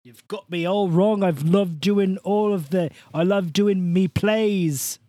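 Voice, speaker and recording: A man voicing a boastful, cursing male Irish film actor with a loud put-on Irish accent, as a comedic podcast bit. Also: high voice, takes it slowly, no room sound, clean studio sound, pitched above the performer's own voice. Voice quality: loud, swaggering, crude. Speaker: podcast co-host.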